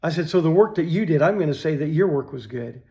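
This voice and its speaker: A man's voice: a little high, animated, quick pace, dark tone. An older man telling a story in a folksy, rambling way, often repeating "I said", then reflecting on faith.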